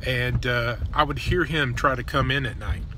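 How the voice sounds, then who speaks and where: A man's voice: medium pitch, normal speed, background noise. A man vlogging, telling personal stories in a blunt, crude, joking and then earnest way, outdoors near a road. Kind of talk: casual personal storytelling.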